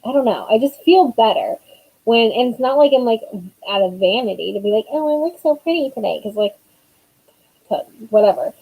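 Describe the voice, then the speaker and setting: A woman's voice: medium pitch, a little mellow, rough recording. A woman in her thirties, an author chatting casually on a live stream, rambling with lots of fillers.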